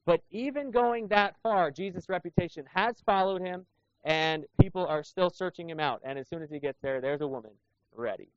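A man's voice: high voice, moderate pace, no echo. A man preaching a sermon as pastor, talking conversationally and asking the congregation rhetorical questions. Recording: dull lo-fi sound.

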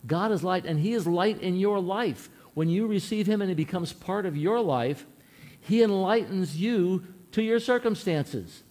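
A man's voice: high-pitched, darkish tone. A man preaching a sermon in an earnest, folksy way, telling a personal story and asking his listeners questions.

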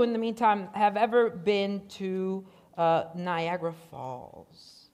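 A man from Puerto Rico preaching a sermon, excitable and prone to getting loud, telling stories with self-deprecating humor. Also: sits high, slow pace, clean tone. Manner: excitable, gets loud when animated. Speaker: pastor.

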